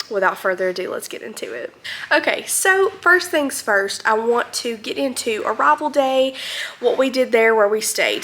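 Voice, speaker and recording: A woman's voice: mid-range voice, bright, forceful tone. A woman from North Alabama, chatting casually through a vacation recap with lots of ums and likes. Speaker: vlogger.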